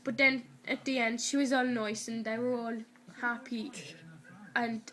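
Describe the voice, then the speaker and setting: Irish girl with a high voice going and then, and then, like, giggly rambling story recap on a camcorder. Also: flat delivery, measured pace, bright, forceful tone. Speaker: person retelling a TV episode to camera. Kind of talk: casual retelling. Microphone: handheld camera recording.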